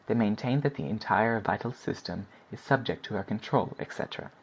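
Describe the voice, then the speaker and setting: Husky man reading a classic novel aloud. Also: lowish voice, fairly quick. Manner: steady, even-paced reading. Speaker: audiobook narrator. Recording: dull lo-fi recording.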